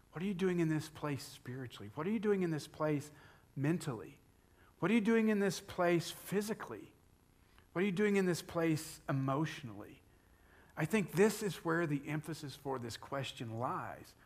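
A middle-aged man preaching a sermon, building loudly on key points and dropping to a whisper for emphasis. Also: fairly high pitch, lively intonation, moderate pace. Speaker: pastor.

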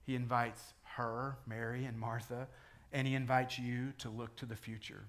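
Man, pastor, sermon, conversational preaching, mid-pitched voice. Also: flat delivery, moderate pace. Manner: conversational preaching, rising to loud dramatic quotes.

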